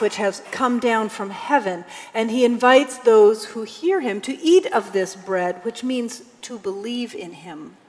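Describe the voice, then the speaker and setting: A woman pastor giving a sermon in a conversational preaching style, now and then reading scripture aloud with emphasis. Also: fairly high pitch. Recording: long hall reverb.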